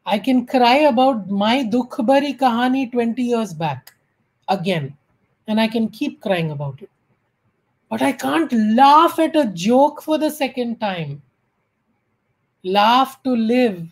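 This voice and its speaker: A woman's voice: fairly high pitch, lively intonation, takes it slowly, husky, poor audio. A woman with an Indian English accent giving a humorous storytelling talk at an online spiritual gathering. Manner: warm, humorous storytelling with acted quotes.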